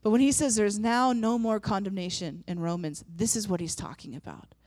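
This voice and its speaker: A woman's voice: medium pitch, brisk, a little mellow, dry recording, studio quality. A woman preaching a sermon and leading prayer in an earnest, conversational way, with frequent restarts. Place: church room with audience.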